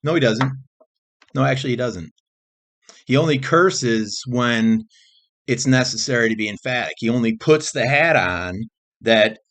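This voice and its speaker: A man with a mid-range, slightly bright voice vlogs in a loose, rambling monologue. He swears freely, hops from topic to topic, and keeps restarting sentences and repeating phrases.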